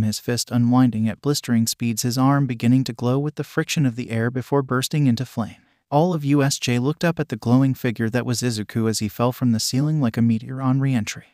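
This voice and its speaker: A man's voice: medium pitch, a little mellow, no echo. Man narrating a fan story, dry close sound. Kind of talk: reading fan fiction aloud.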